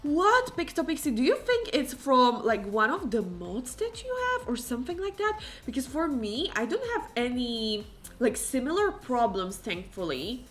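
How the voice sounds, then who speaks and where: A woman streamer chatting casually through a gameplay session, exclaiming often and filling pauses with "like" and "um". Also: high-pitched, sing-song, a bit bright. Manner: chatty, exclamatory, many fillers. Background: faint game music.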